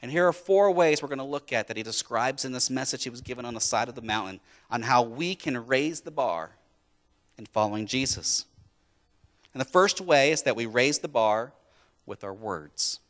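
A man's voice: mid-range voice, expressive, moderate pace, a bit bright, big-room sound. A male pastor preaching a sermon in a church, emphatic and repeating his key phrases.

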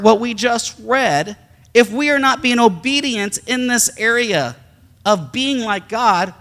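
A middle-aged male pastor giving an animated sermon, swinging between loud emphasis and soft, intimate talk. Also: very high-pitched, in a large hall.

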